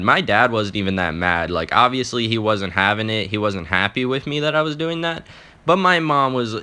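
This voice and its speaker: A man's voice: medium pitch, pushed and bright. A young man telling an embarrassing personal story in a casual, profane vlog, often restarting his sentences.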